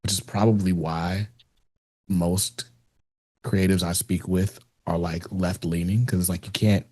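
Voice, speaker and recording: A man hosting a podcast, chatting in a relaxed, rambling way with lots of fillers. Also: low voice, unhurried, breathy edge, dry recording, clean studio sound. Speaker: podcast host. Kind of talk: casual interview chat.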